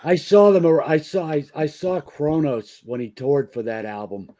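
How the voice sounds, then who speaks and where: A man's voice: fairly high pitch, normal speed, mellow. A man on a podcast telling rambling, profane stories in a casual chat. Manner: rambling, profane anecdotes, frequent restarts. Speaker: podcast guest, band member.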